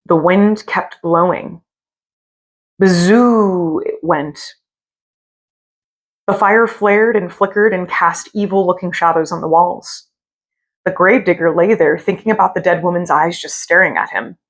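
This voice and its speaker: A woman reading a scary story aloud from a hotel room, with slow, drawn-out dramatic delivery. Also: on the low side.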